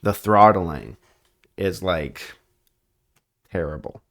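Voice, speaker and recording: A man hosting a casual chat show, laughing often and breaking into loud bits. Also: deep voice, animated, slow pace. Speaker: podcast host.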